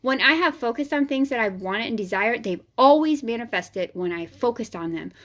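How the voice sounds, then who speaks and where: Emphatic, fairly high-voiced woman healer. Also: animated, moderate pace, a bit bright. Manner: frank and emphatic, swears freely. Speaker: energy healer and host. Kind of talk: casual spiritual vlog talk.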